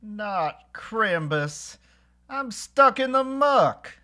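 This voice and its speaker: A man's voice: mid-range voice, lively intonation, bright, forceful tone. A man doing a plaintive stuck ranch hand. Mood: whiny. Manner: slow plaintive sing-song repeats. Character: stubborn ranch hand stuck in mud, repeating himself. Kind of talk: comedy table read.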